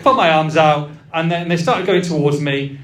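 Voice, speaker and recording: A man's voice: on the high side, normal speed, a bit bright, far from the mic. A man, co-hosting a live podcast and telling a self-mocking story in a function suite. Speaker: podcast co-host. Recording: roomy live sound from off-mic.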